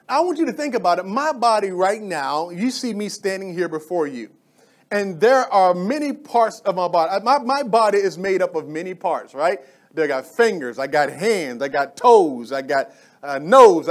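A high-pitched male pastor preaching with lively, excitable energy. He calls out to his congregation and waits for their replies, speeding up when he gets worked up. The sound is of a church sanctuary through a stage mic. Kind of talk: sermon.

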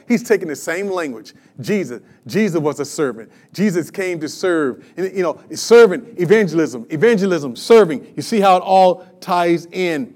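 A preacher in his fifties delivers his sermon with lively energy. His voice sits high for a man. He keeps drawing the congregation in with questions. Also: fairly quick. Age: 50s. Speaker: pastor.

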